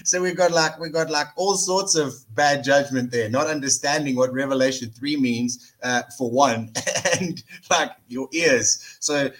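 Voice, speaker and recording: A man in a casual faith podcast discussion, relaxed and quick to laugh, with an ordinary mid-pitched voice. He shifts into an earnest tone when he explains scripture. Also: low-quality recording. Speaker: podcast co-host.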